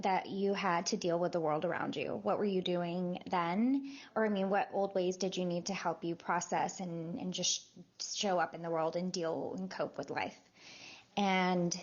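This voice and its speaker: A woman astrologer talking casually in a voice note, chatty and full of fillers. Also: fairly low pitch. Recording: dull lo-fi voice note.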